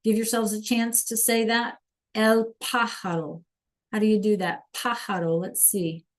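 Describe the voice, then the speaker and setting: A woman teaching a live online language class, slowly sounding out words for students to repeat and encouraging them by name. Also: mid-range voice, little pitch movement. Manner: slow careful enunciation of words for students to repeat. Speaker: Spanish teacher.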